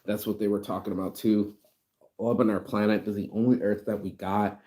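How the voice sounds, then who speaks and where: Rambling, emotional man with a lowish voice. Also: flat delivery, brisk, noisy background. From United States. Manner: rambling, profane, emotional, heartfelt. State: tearing up. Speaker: vlogger. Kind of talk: casual reflective monologue.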